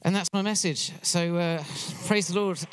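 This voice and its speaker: A man from England with an English accent, a church worship director giving a chatty, joking message to a congregation. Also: sits high. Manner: chatty, joking, encouraging crowd. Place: church hall. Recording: long hall reverb.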